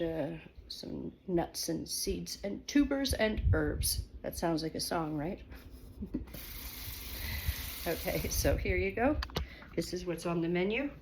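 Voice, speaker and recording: A woman's voice: low-pitched, gravelly, warm tone, a little hiss or hum. A woman casually talking through her home kitchen in a rambling, hesitant vlog, with many fillers and restarts. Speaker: vlogger.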